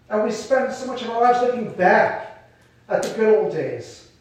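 A man preaches a sermon in a relaxed, conversational way, slipping into quoted voices as he goes. His voice sits high for a man. He is heard from a distance in a strongly echoing hall. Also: normal speed. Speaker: pastor. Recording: echoey hall, mic far off.

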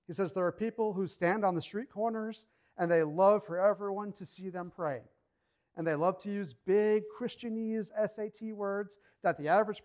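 A man with a notably high-pitched voice preaches a sermon to his congregation. He talks casually and acts out the people he quotes. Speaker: pastor.

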